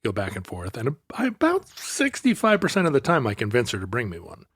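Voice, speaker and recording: A man co-hosting a podcast, bantering in an animated, wry way. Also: mid-range voice, a little fast, husky, dry recording, clean studio sound. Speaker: podcast co-host. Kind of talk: casual chat.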